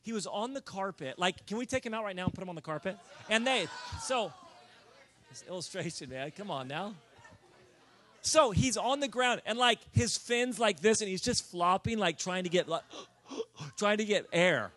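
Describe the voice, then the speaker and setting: A man telling a comic personal story in a sermon, animated and building to near-shouts. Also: high-pitched, moderate pace, a little hiss or hum.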